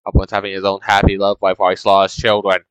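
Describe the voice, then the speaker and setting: A man's voice: sits low, completely flat delivery, fast talker, clean tone, dry recording, low-quality recording. A man in a casual, rambling monologue, complaining in an exasperated way to his chat as a streamer.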